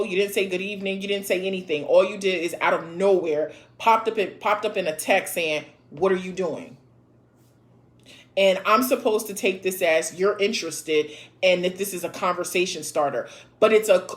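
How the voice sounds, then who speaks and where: Hosting a relaxed live chat, a woman in her thirties reads out viewer comments and answers them with blunt sass, frequent laughter and plenty of swearing. Her voice is medium in pitch.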